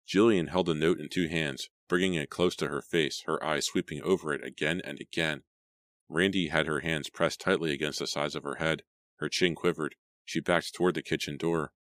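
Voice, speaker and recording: Very deep-voiced man narrating a horror book. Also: steady tone, moderate pace, fairly bright tone, no room sound. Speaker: audiobook reader. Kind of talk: first-person horror novel narration.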